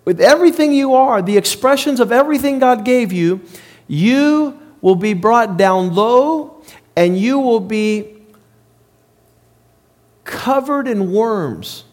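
Male preacher, high-pitched, emphatic, repetitive delivery, sermon. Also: expressive, takes it slowly, a little mellow.

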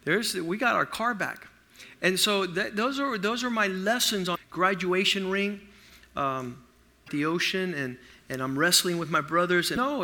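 Animated preacher man, bright high voice. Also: creaky. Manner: animated, acts out quotes with sudden loud outbursts and hushed asides. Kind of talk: sermon storytelling.

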